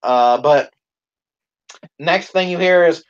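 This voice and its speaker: Man, live stream co-host, swearing storyteller, slightly high voice, muffled lo-fi audio. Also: takes it slowly, smooth. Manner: profane, animated anecdote telling. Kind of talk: casual storytelling.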